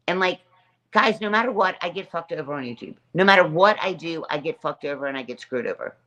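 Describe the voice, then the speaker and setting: A woman with a slightly low voice rants on her own livestream. She repeats her points in an aggrieved way and breaks off now and then to greet viewers in the chat. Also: a little fast, fairly bright tone. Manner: aggrieved, repetitive, reads chat names aloud. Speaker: livestream host. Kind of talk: casual livestream rant.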